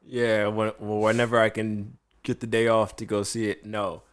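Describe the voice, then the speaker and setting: A man hosting a casual podcast, an animated storyteller who laughs often. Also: fairly low pitch, normal speed. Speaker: podcast host and chef.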